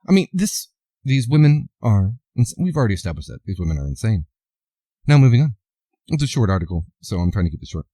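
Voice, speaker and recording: A man's voice: fairly low pitch, sing-song, fast talker, warm tone, no room sound. A man doing commentary, reading out an article and mocking it sarcastically, often repeating words. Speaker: commentary vlogger.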